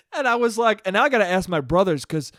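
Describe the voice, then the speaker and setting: A man's voice: high voice, fairly bright tone, dry recording, clean studio sound. A man in his twenties hosting a casual solo podcast, rambling through stories, swearing freely and laughing at his own jokes. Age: 20s. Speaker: podcast host.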